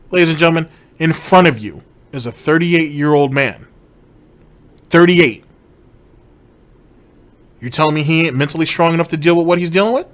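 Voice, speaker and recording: Brief: male commentator, slightly higher voice, blunt and cursing, repeats for emphasis. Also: a bit bright. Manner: blunt, profane, emphatic repetition. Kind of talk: reaction commentary.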